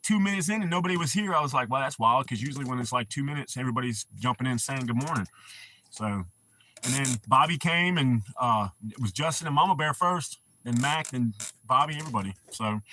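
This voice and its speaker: A man's voice: medium pitch, bright, forceful tone, slight background noise. A middle-aged man hosting a casual live stream, laid-back, swearing freely and laughing often. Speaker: livestream host.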